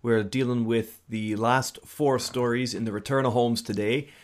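A man's voice: medium pitch, steady tone, normal speed. A man co-hosting a casual literary podcast, talking in a wry, playful way with mock-formal asides. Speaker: podcast co-host. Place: home in Scotland.

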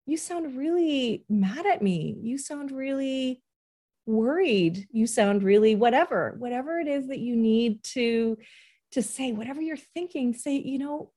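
A woman's voice: on the high side, expressive, normal speed, a little mellow. A woman in her forties, a parent coach hosting a podcast and giving earnest, reassuring advice, who often acts out what parents and children say.

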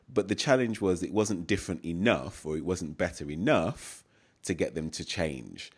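A man with a very deep, low voice hosting a podcast interview. He speaks in a measured way and pauses now and then to find his words. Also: slightly rough. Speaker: podcast host.

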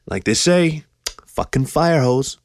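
A man's voice: fairly high pitch, expressive, dry recording, clean studio sound, pitched above the performer's own voice. A man doing a cocky drawling male dog. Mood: smug. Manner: slow honeyed drawl. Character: brash swaggering male dog, big and cocky.

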